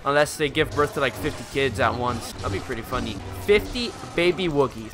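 A man giving casual, excitable commentary while playing a video game, swearing and yelling out his attack moves. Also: medium pitch, brisk, hardly any pauses. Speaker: let's play commentator. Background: loud game music.

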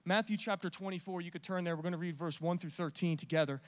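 A man preaching a sermon with passion, swinging from loud urging to hushed, intimate talk. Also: sits high, fairly even intonation, fast.

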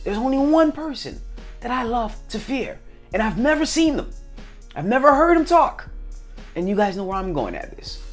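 A man vlogging casually to his viewers, animated and acting out little scenes in different voices. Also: very high voice, normal speed, faint music behind. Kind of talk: casual talk to camera.

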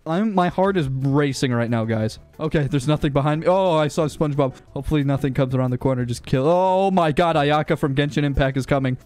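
A young man hosting a gaming channel, commenting on his gameplay in an excitable way and yelping and shrieking when startled. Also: a little high, fairly quick, hardly any pauses. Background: game music and sound effects.

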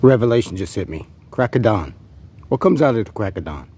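Male vlogger, husky voice, profane taunting rant, rambling in-character delivery. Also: on the low side, very animated, brisk, a little mellow.

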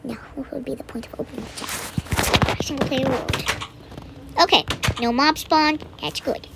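In heavy background noise, a woman with a high-pitched, creaky voice plays a game and chats playfully at normal speed in a steady tone. Her casual let's-play commentary features frequent repeated words and whispered asides.

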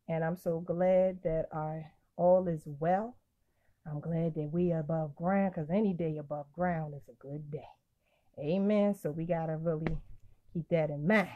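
A woman's voice: lowish voice, mellow, dull audio. A woman minister giving a casual, emphatic devotional teaching over a live phone stream, often repeating her phrases.

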